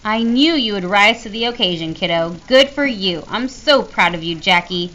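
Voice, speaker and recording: A woman's voice: mid-range voice, lively intonation, normal speed, bright, forceful tone, muffled recording. Woman reading a firm, caring mom. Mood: proud. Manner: scolding, earnest. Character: caring but firm mother.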